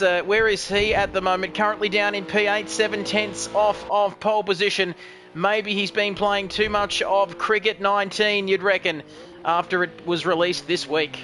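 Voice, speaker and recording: A man's voice: high voice, background noise. A man commentating an online sim race, jokey and rambling, poking fun at himself. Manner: jokey, rambling, self-mocking. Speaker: lead commentator.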